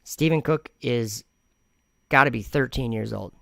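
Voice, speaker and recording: Man, gravelly, dry close sound, sarcastic, argumentative commentary vlog host. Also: medium pitch, unhurried, bright, forceful tone, dry recording. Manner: rambling with frequent restarts. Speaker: channel host.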